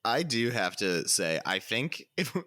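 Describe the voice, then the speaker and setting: A man's voice: on the low side, sing-song, measured pace, pushed and bright. A man co-hosting a podcast in casual chat, laughing often and exclaiming. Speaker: podcast co-host.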